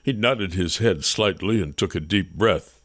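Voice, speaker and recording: Low-voiced man narrating an audiobook. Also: a little slow, fairly bright tone, no room sound, studio quality. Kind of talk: first-person audiobook narration.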